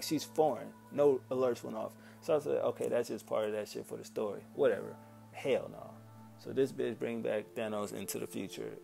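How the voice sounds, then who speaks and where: A man with a gravelly, mid-range voice rants casually about a movie on his vlog, swearing and sounding exasperated. He keeps acting out how he reacted back then, quoting himself with animation.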